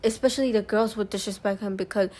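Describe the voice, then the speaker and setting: A young woman in casual podcast talk, telling her story with pauses and restarts. She sounds earnest. Her pitch is ordinary. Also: steady tone, a little mellow. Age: young adult. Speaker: podcast co-host. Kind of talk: casual chat.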